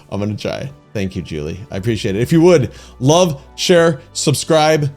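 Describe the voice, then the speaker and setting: A man's voice: medium pitch, darkish tone. Easygoing man podcast co-host, faint music behind. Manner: easygoing, reflective, quick to laugh. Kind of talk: casual chat.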